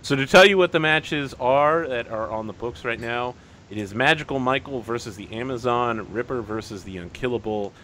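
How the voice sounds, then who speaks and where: A man narrating and running a tabletop wrestling game as game master, lively and casual. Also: mid-range voice, normal speed, slight background noise. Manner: lively, puts on crowd voices.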